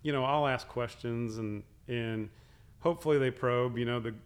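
A middle-aged man in casual conversation, telling a long story with many restarts and soft, trailing asides. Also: mid-range voice, normal speed, smooth. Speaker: guest talking about hunting with his daughters.

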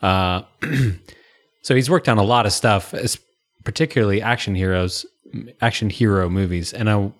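Low-voiced man rambling casually. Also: moderate pace. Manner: rambling, relaxed storytelling with fillers. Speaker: podcast co-host. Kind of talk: casual chat.

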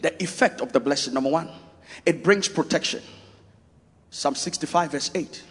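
A man preaching a sermon, emphatic and repetitive, shouting out scripture and lists of points. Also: fairly high pitch, normal speed, breathy edge. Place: church. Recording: long reverb of a church hall.

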